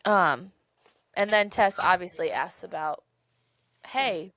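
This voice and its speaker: Woman podcast cohost chatting away, lots of vocal fry, dry close sound. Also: on the low side, measured pace, dry recording. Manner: chatty, animated retelling with frequent laughs. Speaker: podcast co-host. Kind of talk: casual book-club chat.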